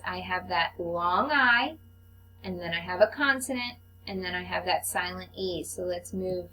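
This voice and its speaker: A woman teacher giving a slow, patient phonics lesson to young children, speaking into a computer microphone. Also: on the low side, a bit bright, low-quality recording. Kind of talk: recorded online phonics lesson.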